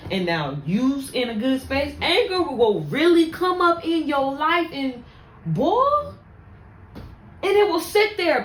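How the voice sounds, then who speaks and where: A woman podcast host telling stories about faith and anger, speaking in an animated, preachy way. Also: sits high. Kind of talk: casual faith talk. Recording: echoey room, faint ambience.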